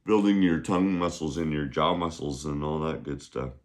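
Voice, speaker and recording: A man's voice: very deep voice, fairly even intonation, normal speed. A man teaching a casual language lesson, upbeat and drilling words for repeating, his voice worn from a long day of recording. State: losing his voice. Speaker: Mandarin teacher. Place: beach, outdoors.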